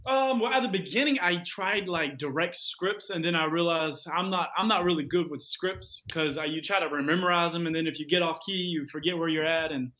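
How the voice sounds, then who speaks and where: A man with a notably high, bright, forceful voice chats as a guest, personable and full of energy, laughter never far away. The recording has a slightly dull, lo-fi tone. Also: brisk, few pauses. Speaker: guest, real estate agent. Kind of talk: casual chat.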